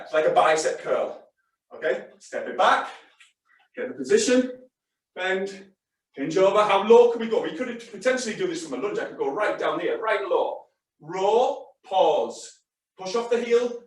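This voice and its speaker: Guy fitness instructor calling out reps, chatty and upbeat, mic far off in a big echoey room. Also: high-pitched. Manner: chatty, encouraging, short exercise cues. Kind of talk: live fitness class coaching.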